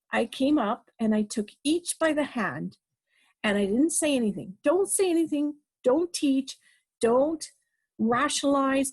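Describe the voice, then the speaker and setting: A woman's voice: fairly high pitch, breathy edge. A middle-aged woman giving a parenting talk, emphatic and direct, using short repeated commands. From Canada. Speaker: parenting educator.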